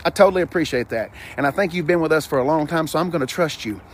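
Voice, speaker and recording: A man vlogging on a car dealership lot, chatty and animated, talking to the cars and his viewers. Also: fairly high pitch, quick pace, a little hiss or hum. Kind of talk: live-streamed dealership walkaround.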